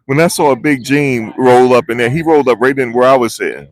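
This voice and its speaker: A man vlogging live outdoors, talking in a rambling, excitable way and losing his train of thought. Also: mid-range voice, fast talker, hardly any pauses, no echo. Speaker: vlogger reporting on a trial. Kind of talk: live casual street commentary. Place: outdoors outside a courthouse. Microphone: phone on a handheld gimbal.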